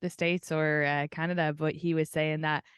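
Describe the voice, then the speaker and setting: A young Irish woman hosting a casual podcast chat over a video call, talking fast and laughing often as she tells stories. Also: sits low, flat delivery, smooth, no echo, studio quality. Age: young adult. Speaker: podcast host, comedian.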